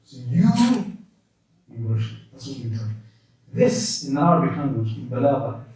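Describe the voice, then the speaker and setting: A man teaching a lesson in a mosque classroom, explaining terms in a quick, conversational way with many restarts. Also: mid-range voice, a little mellow. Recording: echoey room from a distance.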